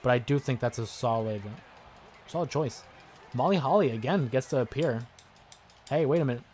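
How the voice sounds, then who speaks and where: Man, mid-pitched, hosts a casual gaming live stream, chatty and excitable, faint background hiss. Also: normal speed. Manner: chatty, excitable, yells at the game. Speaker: gaming livestream host. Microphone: desk microphone with headphones listeners.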